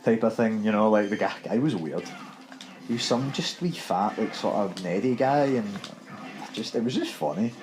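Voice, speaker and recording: A man's voice: lowish voice, expressive, moderate pace, darkish tone, rough recording. A young Scottish man co-hosting a gaming podcast, telling a story in casual, laughing chat.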